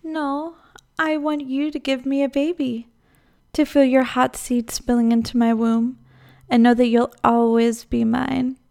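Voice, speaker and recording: A woman's voice: sits high, level tone, measured pace, creaky, a little mellow. A woman voicing a possessive motherly captor. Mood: sultry. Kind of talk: audio role-play.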